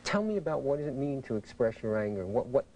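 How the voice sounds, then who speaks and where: Gravelly, mellow-voiced male interviewer. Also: mid-range voice, big pitch swings, a little hiss or hum, poor audio. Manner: measured, probing, reflective questions. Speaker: clinical interviewer. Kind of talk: therapeutic interviewing.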